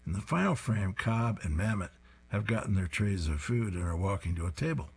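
A man reads comic strips aloud and describes each panel in detail. His voice is deep and very husky, almost breathy. He sounds amused and unhurried. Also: expressive.

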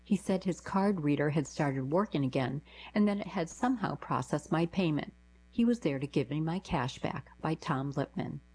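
A woman narrating short reader-submitted diary stories in a calm, even scripted read. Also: deep voice, normal speed, husky, low-quality recording. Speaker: narrator reading diary letters.

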